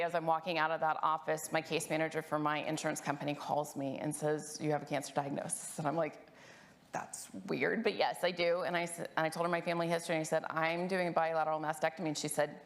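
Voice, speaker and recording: A middle-aged woman speaking at a medical conference, telling her own story in an earnest, candid way with a few fillers. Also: low voice. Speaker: conference panelist, nurse practitioner.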